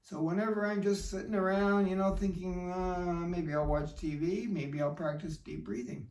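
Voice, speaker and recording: A man working as a fitness instructor, calmly demonstrating an exercise routine with a touch of dry humor. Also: sits high, moderate pace.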